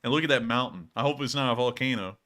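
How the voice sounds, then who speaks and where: A man's voice: medium pitch, quick pace. A man hosting a casual livestream, joking and saying "y'all". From Alabama, US. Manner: joking, animated, drawling "y'all". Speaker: host.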